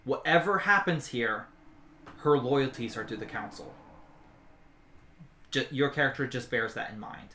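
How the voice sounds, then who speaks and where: A man's voice: medium pitch, expressive, unhurried, long pauses, bright, forceful tone, slight background noise. Fields: Man, game master. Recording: roomy echo. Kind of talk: narrating a tabletop game.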